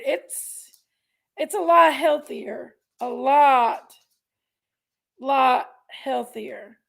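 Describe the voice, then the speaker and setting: High gravelly woman hosting a live chat. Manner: chatty and affectionate, calls viewers pet names. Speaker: livestream host. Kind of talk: casual live chat greeting viewers.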